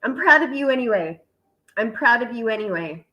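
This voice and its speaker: A woman's voice: fairly high pitch, animated, a little fast, pushed and bright, dull audio. A middle-aged woman hosting a casual chat, talking in a heartfelt, tearful way and swearing casually. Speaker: vlog host.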